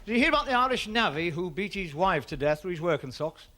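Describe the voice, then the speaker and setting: Male comic storyteller, high bright lively voice, rambling patter. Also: fast talker, heavy background noise. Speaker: stand-up comedian. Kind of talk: stand-up joke telling to a live audience.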